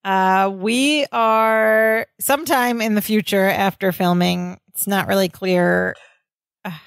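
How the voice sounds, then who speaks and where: A woman's voice: medium pitch, slow, gravelly, smooth, dry recording. A woman co-hosting a podcast, casually retelling a sitcom episode scene by scene. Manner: chatty, retells scenes with quoted lines. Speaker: podcast co-host.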